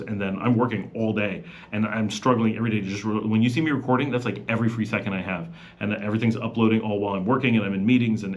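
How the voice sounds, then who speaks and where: A man's voice: on the low side, dull audio. A middle-aged man chatting casually on a live Q&A stream, rambling with many fillers and restarts. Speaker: vlogger hosting a live Q&A.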